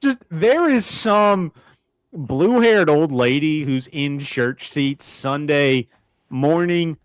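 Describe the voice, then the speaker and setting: Man, podcast co-host, high voice, crude, mocking, dry close mic. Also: expressive, takes it slowly, smooth, dry recording. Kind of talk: casual chat.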